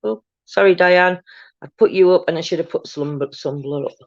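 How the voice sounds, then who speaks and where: A woman's voice: lowish voice, moderate pace, muffled recording, a little hiss or hum. An older woman, tired, chatting casually on a live stream as a tarot reader, greeting viewers by name with many ums.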